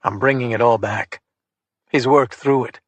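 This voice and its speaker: Guy narrating a gritty crime audiobook, first person, mid pitch, dry close sound. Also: steady tone, no room sound. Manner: measured, hard-boiled.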